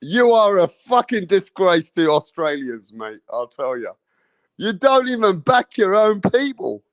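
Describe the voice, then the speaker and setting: Guy ranting about boxing, high voice, slow drawn-out taunts, swears a lot. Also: big pitch swings, no room sound. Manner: mocking, profane, repeating taunts. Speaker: boxing commentator host. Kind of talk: ranting reaction commentary.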